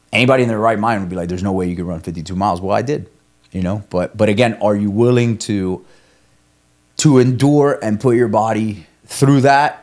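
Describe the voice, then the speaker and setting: Young man, low voice, rambling, swears freely, restarts sentences, candid podcast chat. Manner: rambling, profane, self-coaching, frequent restarts. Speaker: guest, ultramarathon runner. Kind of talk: candid conversational podcast talk.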